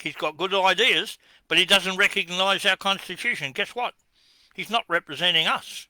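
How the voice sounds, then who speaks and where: Australian man with a high, bright voice, combative monologue, dry close sound, answers his own questions. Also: no echo. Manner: combative, accusing, rhetorical questions. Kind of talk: ranting address to camera.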